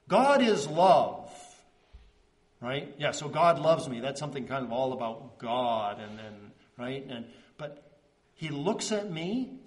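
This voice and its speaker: A man preaching a conversational sermon as pastor, earnest and checking in with the congregation, slowing into soft pauses on key words. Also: a little high. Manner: earnest, checks in with "right?" and "okay?".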